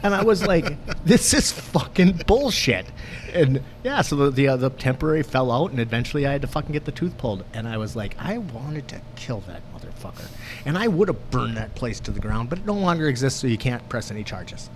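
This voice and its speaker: Profane, animated man telling a story. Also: medium pitch, fast talker, slight background noise. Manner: animated, profane, laughs through his story. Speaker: podcast co-host. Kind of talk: casual storytelling.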